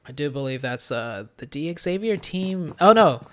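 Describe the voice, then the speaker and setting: An esports caster doing solo play-by-play commentary from a home streaming setup, chatting offhandedly in lulls and bursting into excited calls during fights. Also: mid-range voice, moderate pace. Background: faint game gunfire.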